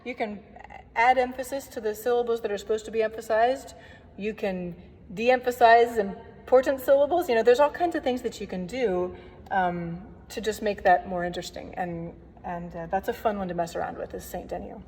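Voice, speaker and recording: A woman's voice: medium pitch, normal speed, darkish tone, husky. Woman organist teaching in an echoing church. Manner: friendly, chatty explaining with playful asides. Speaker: organist teaching hymn playing. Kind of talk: recorded workshop lesson. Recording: long reverb, faint background noise.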